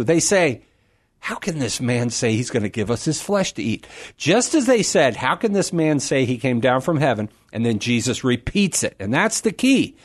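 Animated, emphatic male radio Bible teacher. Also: fairly high pitch. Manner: animated, emphatic, acts out crowd voices for humor. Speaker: Catholic radio host answering a caller.

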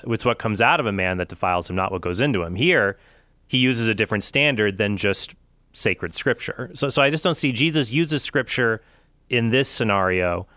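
A man with a lowish voice lays out a theological argument point by point. His delivery is measured and deliberate. The sound is dry and close, with no room around it. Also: fairly bright tone, dry recording. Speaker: debater. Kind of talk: theological debate.

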